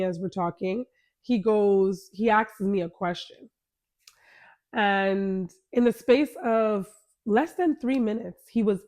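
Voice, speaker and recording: A woman's voice: mid-range voice, darkish tone. A woman hosting her podcast, candidly telling a personal story in a conversational way and retelling the dialogue. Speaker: podcast host.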